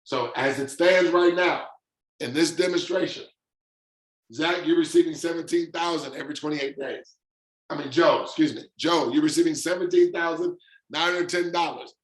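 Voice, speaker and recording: A high-pitched man presents an online income demonstration in an echoey room. He's fired up and emphatic, with excited pitch and drawn-out stresses.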